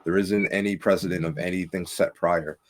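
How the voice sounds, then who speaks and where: A man, a candidate for local office, talking casually and emphatically in a podcast interview. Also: a little fast. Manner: animated, emphatic, rising pitch when making points. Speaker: political candidate, guest.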